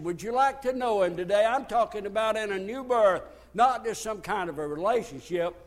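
A man preaching an impassioned sermon and giving an altar call, shouting at his peaks. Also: high voice.

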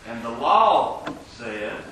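Man preacher, pleading slow altar call, bright ringing tone, miked from a distance in a reverberant church. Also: medium pitch, very animated, slight background noise. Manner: impassioned, pleading. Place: church sanctuary. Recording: echoey church from far off.

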